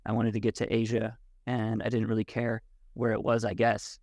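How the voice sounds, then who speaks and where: A man as a podcast guest, talking in a thoughtful, halting way with many restarts. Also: fairly low pitch, completely flat delivery, gravelly, a little mellow, dry recording. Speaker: podcast guest, Wudang martial arts teacher. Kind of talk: casual conversation.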